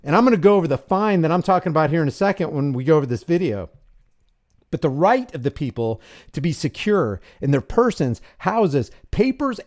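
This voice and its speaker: A man with a high, very animated voice hosting a live commentary stream. He talks in an impassioned, preachy way, pressing every point hard. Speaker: host.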